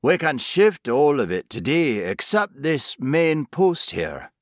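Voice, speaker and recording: Narrator doing a grizzled old laborer, English country accent, loud, blunt, cursing, voice pushed up high and forceful. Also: male voice, sing-song, slow, no echo, clean studio sound. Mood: gruff. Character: old gruff rural English laborer, man.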